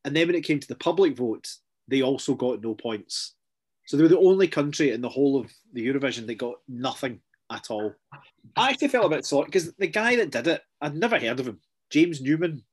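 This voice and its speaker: A middle-aged man in casual conversation, talking in a sardonic, chatty way with lots of asides. His voice sits at an ordinary pitch for a man. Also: sing-song, fairly quick, breathy edge. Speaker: podcast co-host. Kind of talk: casual chat.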